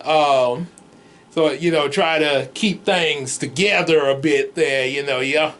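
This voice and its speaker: A man with a high, light voice talks through a film review in an easy, rambling way, breaking into chuckles and circling back on his words. It sounds like relaxed, unscripted chat for his video channel. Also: slow. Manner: rambling, chuckles often, many restarts. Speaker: comics vlogger reviewing a movie. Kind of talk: casual movie review chat.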